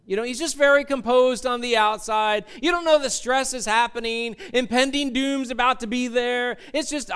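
A man preaching a sermon in an animated way, acting out quotes in put-on voices. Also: very high voice, a little fast, hardly any pauses, clean tone. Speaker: pastor.

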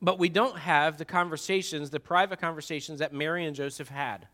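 Bright-voiced male pastor preaching. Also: a little high, fairly quick. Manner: conversational, animated storytelling to a congregation. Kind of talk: sermon.

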